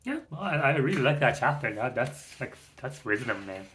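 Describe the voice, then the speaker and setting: A young man who is not a native English speaker, reading a book aloud slowly and correcting his slips, then reflecting casually with many fillers. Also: mid-range voice, sing-song, pushed and bright, distant mic, slight background noise. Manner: careful, slow reading with self-corrections; rambling with many fillers when speaking freely. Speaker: self-recording reader practicing English.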